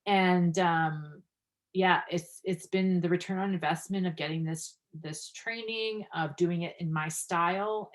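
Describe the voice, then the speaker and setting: Earnest woman coach with a lowish voice. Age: adult, practicing five years. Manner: earnest, many fillers, lively when telling anecdotes. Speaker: guest breathwork coach. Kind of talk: podcast interview conversation.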